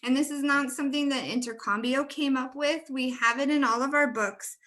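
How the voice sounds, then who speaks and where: A woman with a high, bright voice and a brisk, forceful tone presents a webinar training for teachers. She's friendly and laughs often while demonstrating word stress.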